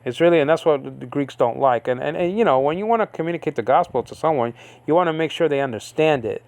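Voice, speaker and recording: This Bible teacher's voice is a little high and a little mellow, and he talks fast with no room sound. His informal lecture rambles, packed with fillers and frequent "okay?" checks with listeners.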